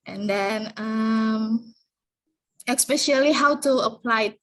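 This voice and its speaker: A woman, an elementary English teacher, presenting her plans in an online class in a hesitant, halting way. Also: a little high, a bit bright, rough recording. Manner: hesitant, halting, many fillers. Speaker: elementary school English teacher, student in training course.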